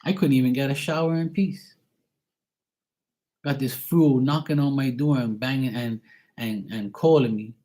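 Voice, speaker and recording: A man's voice: medium pitch, steady tone, normal speed, long pauses, mellow. A man in a rambling personal rant, swearing often and repeating himself heatedly. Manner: profane, heated and repetitive. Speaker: vlogger.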